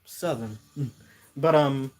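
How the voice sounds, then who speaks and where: A man's voice: medium pitch, slow. A man giving a casual spiritual card reading to viewers, musing aloud and repeating words as he searches for messages. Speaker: tarot reader.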